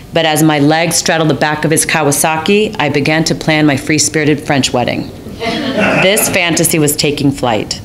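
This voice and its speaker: A woman's voice: sits low, a little hiss or hum. An American woman telling a personal story in a wry, self-mocking, theatrical manner. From United States.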